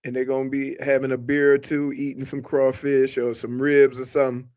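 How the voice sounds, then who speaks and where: A man from New Orleans with a local accent, co-hosting sports radio and telling animated stories with frequent laughs. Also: medium pitch, brisk. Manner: animated storytelling, laughs often. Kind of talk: casual radio banter.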